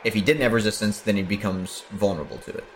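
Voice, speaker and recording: A man's voice: on the low side, fast, a little hiss or hum. A man playing a tabletop game, teasing the others and explaining the rules of his moves. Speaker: player. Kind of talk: casual tabletop game play.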